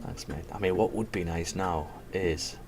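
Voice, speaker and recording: This is live trading stream commentary from a man whose voice sits low and moves at a normal speed. Working as a forex trader, he chats with viewers in a casual way and reasons out loud.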